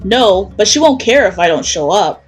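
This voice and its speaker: A woman's voice: mid-range voice, expressive, moderate pace, husky, soft background music. Lady reading a grumpy defiant young guy, stubborn, sulky. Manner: stubborn, grumbling.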